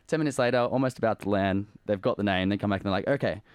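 Fast-talking Australian man, animated storyteller. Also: on the low side, clear, resonant tone, dry recording. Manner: animated, tells stories with lots of fillers. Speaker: guest. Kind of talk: casual storytelling interview.

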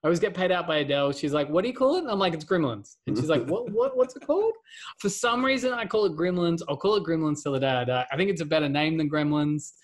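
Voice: mid-range voice, fast, hardly any pauses. A podcast co-host, chatting casually in a rambling way and laughing often. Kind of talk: casual chat.

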